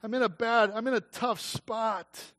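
A desperate man calls out to God for rescue, as a male preacher acts him out in a sermon. His plea is urgent and plaintive, and his voice sits high. He sounds cornered and pleading. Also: fairly even intonation, unhurried, a bit bright, no echo.

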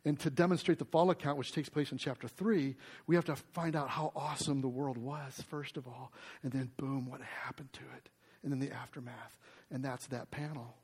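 A man preaching a sermon, telling a story with animated energy and then teaching through scripture passages. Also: medium pitch, slightly rough. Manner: quotes scripture, quick asides. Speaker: pastor.

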